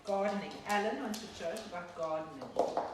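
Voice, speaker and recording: A woman relays viewers' joke requests in short, matter-of-fact lines. She has an ordinary pitch. The room is echoey, with clear clicking noise behind. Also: moderate pace. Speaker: co-host reading viewer requests.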